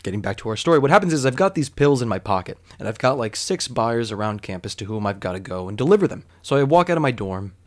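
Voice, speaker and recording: A young adult man hosting a podcast, telling a personal story in a candid, wry, conversational way, with lively quoted lines and dramatic slowdowns. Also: mid-range voice, a little hiss or hum. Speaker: podcast host. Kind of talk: storytelling monologue.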